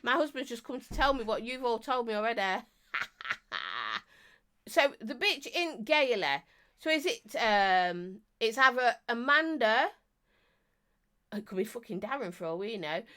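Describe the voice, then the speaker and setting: A croaky woman chatting casually on a live stream, reviewing vapes and greeting viewers in a chatty, self-mocking way. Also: a little high, lively intonation, measured pace, a bit bright.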